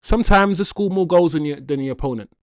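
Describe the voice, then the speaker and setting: Male livestream host, casual and animated, addresses chat directly, dry sound. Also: a little high, fast, no room sound. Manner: animated and chatty, laughs often, addresses chat as guys. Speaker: football channel livestream host. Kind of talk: casual livestream chat reading viewer comments.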